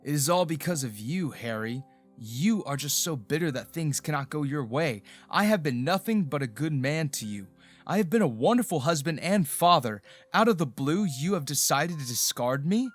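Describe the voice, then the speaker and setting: A man voicing an angry, abusive ex-husband who accuses and shouts in a raised voice, with soft music behind. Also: fairly high pitch, animated, normal speed. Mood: bitter, accusing.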